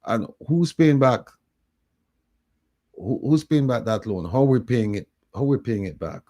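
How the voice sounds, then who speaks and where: A man's voice: mid-range voice, animated, measured pace, mellow. A man with a Jamaican accent hosting a live call-in talk show, emphatic and repeating his points.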